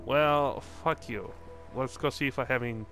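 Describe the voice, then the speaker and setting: A man's voice: medium pitch, moderate pace, creaky, a bit bright, faint music behind. A man casually commenting while playing a video game, rambling and joking and swearing now and then. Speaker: gaming video host. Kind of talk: casual let's-play commentary.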